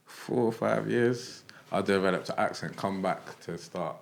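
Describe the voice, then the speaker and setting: A laid-back man from North London hosts a podcast in a low voice and a London accent. He chats loosely and laughs easily. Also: unhurried, gravelly. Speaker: podcast host. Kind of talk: casual podcast chat.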